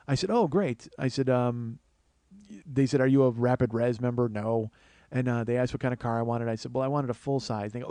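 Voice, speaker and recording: A man telling a long comic story on his show, swearing often, starting in low murmurs and building to excited, rising outbursts. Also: fairly quick, no echo. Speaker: comedian and podcast host. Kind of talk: storytelling monologue.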